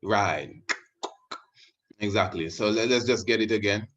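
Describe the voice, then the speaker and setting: A man's voice: on the low side, a little slow, a crowd in the background. A man, teaching in a rambling casual monologue full of asides. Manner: rambling, many you-knows and restarts. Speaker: religious video host. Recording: muffled lo-fi audio.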